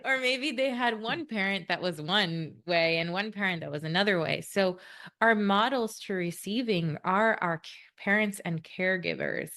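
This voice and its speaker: A woman's voice: medium pitch, moderate pace, fairly bright tone. A woman co-hosting a podcast, talking in an earnest, reflective way and explaining ideas at length. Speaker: podcast co-host.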